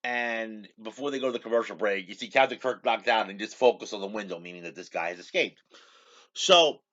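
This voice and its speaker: A man's voice: fairly low pitch, a little fast, a bit bright, highs cut off. A man hosting his own show, retelling a TV episode in a rambling casual way and repeating "he goes" a lot. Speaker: show host.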